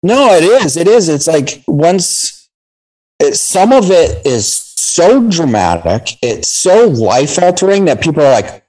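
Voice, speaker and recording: A man's voice: on the high side, big pitch swings, slow, darkish tone, poor audio. Man telling war stories, swearing. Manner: intense storytelling, heavy swearing. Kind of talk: casual conversation.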